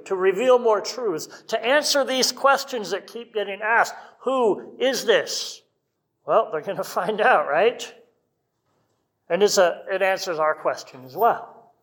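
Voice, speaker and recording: A man's voice: sits high, a bit bright. A man preaching a sermon in a conversational way, asking his listeners rhetorical questions. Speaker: pastor.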